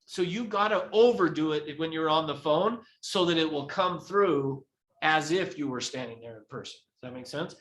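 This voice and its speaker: Acting out each example as he goes, a man leads a live real estate training session in a training room that echoes. He talks at normal speed, his voice on the high side and a little bright.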